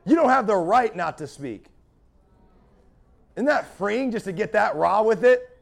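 A man's voice: sits high, expressive, measured pace, vocal fry. A man preaching a sermon as pastor, fiery and building in intensity.

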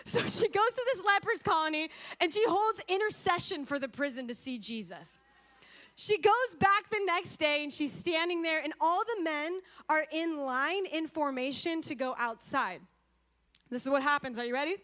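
A woman's voice: high-pitched, moderate pace. A woman preaching a sermon, telling a story with energy, acting out quotes and speaking straight to her audience. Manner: lively, acts out quotes, addresses audience directly.

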